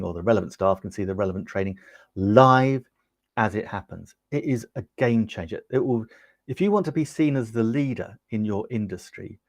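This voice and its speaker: A man's voice: on the low side, a little mellow, no room sound. Chatty Englishman demoing gear, dry sound. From United Kingdom. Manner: chatty and upbeat, with frequent ums, talking to viewers in the chat. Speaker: livestream host demonstrating gear. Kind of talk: casual product demo on a livestream. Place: small home studio with ring light. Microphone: lapel mic.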